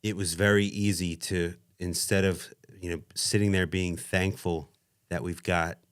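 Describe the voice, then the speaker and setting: A man co-hosting a podcast in casual chat, talking haltingly and repeating words as he starts sentences. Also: low-pitched, level tone, smooth. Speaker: podcast co-host.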